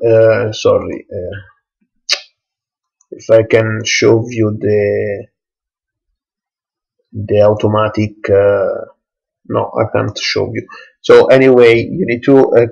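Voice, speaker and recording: A young man, an English speaker, walks through a computer setup in a screencast tutorial, pausing often and restarting his sentences. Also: fairly low pitch, gravelly, darkish tone, muffled recording. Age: young adult. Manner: halting, many fillers and restarts, non-native English. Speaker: tech tutorial presenter.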